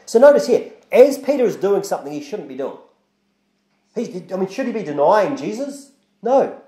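A male preacher with a fairly high, mellow voice that climbs and dips a lot as he talks. He preaches in a loose, conversational way, restarting phrases and acting out little quoted exchanges. The sound carries the echo of a church hall. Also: sing-song, moderate pace. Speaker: pastor. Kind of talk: sermon.

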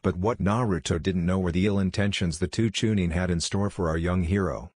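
Deep guy narrating fanfic, steady reading, dry close sound. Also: brisk, husky, no room sound. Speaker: story narrator. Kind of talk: reading fan fiction aloud.

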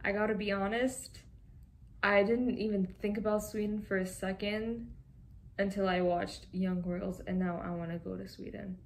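A woman's voice: mid-range voice, steady tone, moderate pace, creaky, a little hiss or hum. A young woman from Canada chatting casually and giggling as she reads fan tweets aloud. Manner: chatty and giggly, often laughing. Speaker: vlogger.

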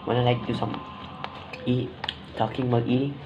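Young male vlogger, casual and rambling, full of fillers, at mid pitch. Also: little pitch movement, moderate pace, highs cut off, noisy background. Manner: rambling, hesitant, with many fillers. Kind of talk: casual vlog chat.

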